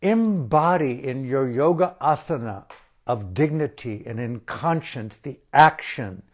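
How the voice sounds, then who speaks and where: Slow, emphatic man giving an impassioned address. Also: medium pitch, animated. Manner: slow, emphatic, with dramatic pauses and repeated phrases. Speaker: activist speaker.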